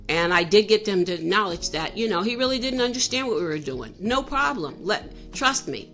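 A woman's voice: on the low side, lively intonation, normal speed, few pauses, fairly bright tone, soft background music. A middle-aged woman telling a personal story in a candid, self-reflective way, often restarting her sentences.

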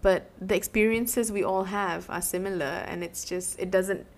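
A woman's voice: mid-range voice, fairly even intonation, moderate pace. A woman co-hosting a book podcast, chatting casually, laughing often and acting out quotes from the story. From Malaysia.

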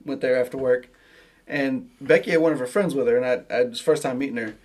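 A man's voice: mid-range voice, fast, noisy background. A Southern US man telling an awkward story in casual chat, self-mocking and laughing at himself.

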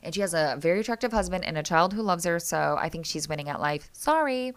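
A woman's voice: deep voice, quick pace. A woman hosting a casual reality TV recap, chatty and opinionated, often stopping to restart and correct herself. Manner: chatty, opinionated, animated reactions. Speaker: TV recap host.

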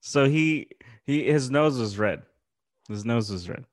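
A man's voice: medium pitch, lively intonation, unhurried. A man co-hosting a podcast, reacting in laid-back casual chat. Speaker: podcast co-host.

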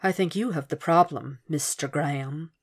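Husky, quietly taunting male killer, read by a woman, low voice. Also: normal speed.

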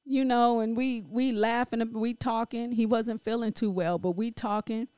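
A middle-aged grieving woman speaking in a halting, emotional personal monologue full of restarts. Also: fairly high pitch, fairly even intonation, a little mellow, clean tone, no room sound. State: grief-stricken. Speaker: grieving mother sharing her story.

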